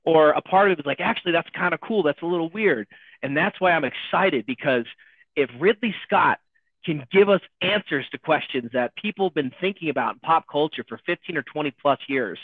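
A man co-hosting a casual chat about a TV show, firing off excited questions. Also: fairly high pitch, dry recording. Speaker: podcast co-host. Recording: dry tinny phone-like line.

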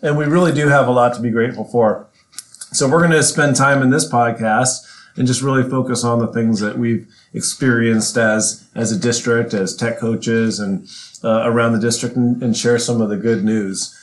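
A man's voice: medium pitch, moderate pace. A man hosting a casual podcast, upbeat and welcoming, sometimes searching for words. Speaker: podcast host. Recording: echoey room with faint noise.

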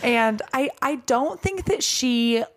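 A young woman chatting on a podcast with a co-host. She tells stories with lots of fillers and bursts of giggling, and she jumps into higher voices when she quotes people. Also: expressive, slow pace, dry recording, studio quality. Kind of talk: casual chat.

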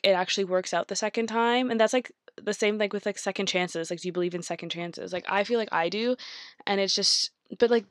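A woman's voice: medium pitch, no echo, clean studio sound. A young woman talking casually to her viewers, rambling with many fillers and acting out inner thoughts. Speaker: vlogger.

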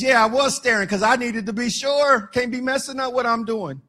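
A man preaching a sermon as pastor, animated and joking with the congregation, shouting at times for emphasis. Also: very high voice, normal speed, few pauses.

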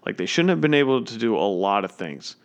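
A man's voice: medium pitch, very animated, fast talker, creaky. Indignant man ranting about sports. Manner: indignant, emphatic, repeats himself. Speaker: sports commentator. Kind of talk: opinionated sports rant.

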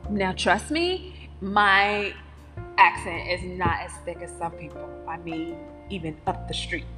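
A woman's voice: on the low side, a little slow, sharp tone, in a large hall, faint music behind. A woman from North Carolina with a Southern accent, chatting emphatically and cheerfully as host of her own podcast. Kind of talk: casual solo podcast monologue.

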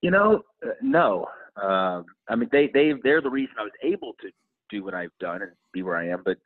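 A middle-aged man with a husky, somewhat low voice shares his story earnestly and reflectively, often stumbling and restarting. The sound is tinny and phone-like, as if heard over a remote call. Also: sing-song, a little fast. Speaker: guest. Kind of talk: personal storytelling in an interview.

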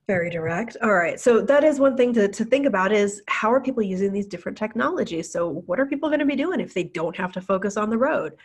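A woman's voice: mid-range voice, animated, fast talker, hardly any pauses, breathy edge. A woman co-hosting a casual business podcast, chatty and enthusiastic, often laughing. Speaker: podcast co-host.

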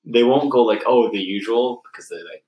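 A man chatting on a casual podcast, telling long, rambling stories in a relaxed way. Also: medium pitch, fairly quick, roomy sound, noisy background. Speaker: podcast co-host. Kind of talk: casual chat.

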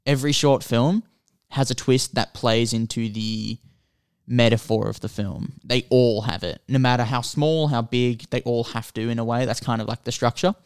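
A man co-hosts a casual podcast, walking through a film's plot in an animated, rambling way. His voice is smooth and clear, recorded close and dry with no room sound. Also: mid-range voice, moderate pace, no echo. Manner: rambling, animated storytelling with filler words. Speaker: podcast co-host. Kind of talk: casual film chat.

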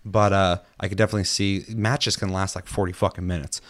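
A man's voice: deep voice, fast talker, noisy background. A man in casual chat, telling game stories with lots of swearing and acted-out quotes. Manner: animated storytelling, swears a lot, acts out quotes.

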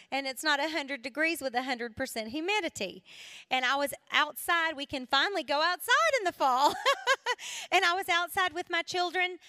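A middle-aged woman from South Carolina, giving an emotional testimony sermon to women, dropping to a hush and then rising again. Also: high-pitched. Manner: emotional, swings from hushed to raised and cracking. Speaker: women's ministry speaker.

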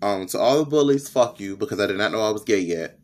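A man's voice: lowish voice, fast. Candid young man with a lisp. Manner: candid, profane, expressive. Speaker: podcast host. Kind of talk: personal monologue podcast.

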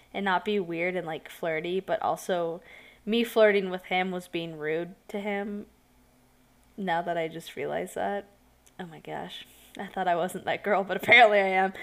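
A woman's voice: medium pitch, fairly bright tone. A tired young woman hosting her own podcast, telling a story in a rambling, self-conscious way with many giggles and fillers. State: tired, yawning. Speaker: podcast host. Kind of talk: casual solo podcast storytelling.

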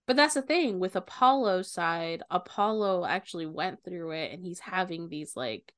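A woman with a somewhat low voice chats through a book's plot for a podcast, slipping into quick quoted lines and the odd swear word. The sound is dry and close, with little room around it. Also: dry recording. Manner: animated retelling, quoting characters with bursts of swearing. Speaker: podcast co-host. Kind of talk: casual book discussion.

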